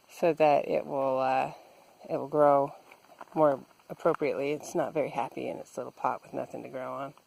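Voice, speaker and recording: A woman's voice: sits low, creaky, darkish tone, rough recording. A woman chatting casually as she vlogs her garden work, thinking aloud with fillers, recorded outdoors. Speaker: vlogger. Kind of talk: casual garden vlog narration.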